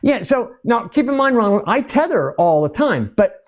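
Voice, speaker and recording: A middle-aged man hosting a live podcast Q&A, talking in an energetic, loud, animated way and telling stories. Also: very high-pitched, normal speed. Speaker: podcast host.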